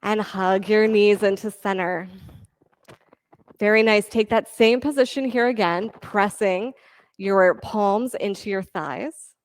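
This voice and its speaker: Slow, calm female yoga instructor. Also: mid-range voice, no room sound. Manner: calm, encouraging counting and cueing. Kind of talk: guided yoga class cues.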